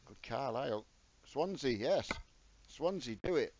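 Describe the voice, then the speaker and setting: This middle-aged man streams a game and talks to viewers by name in a relaxed, self-mocking way. He speaks at medium pitch, a little slowly, with lively intonation, over dull lo-fi audio full of loud truck game sounds.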